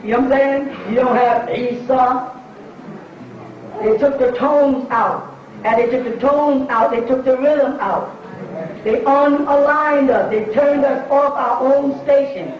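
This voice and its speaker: A man with a very high-pitched voice lectures an audience at an unhurried pace and takes their questions. He speaks emphatically, repeats his points, and poses rhetorical questions. The recording is distant, echoey, dull, and lo-fi.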